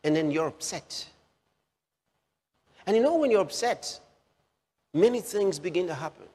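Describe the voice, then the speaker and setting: A man's voice: high-pitched, lively intonation, warm tone, husky. Emphatic male preacher in a reverberant hall. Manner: slow, emphatic repetition of phrases. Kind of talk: sermon.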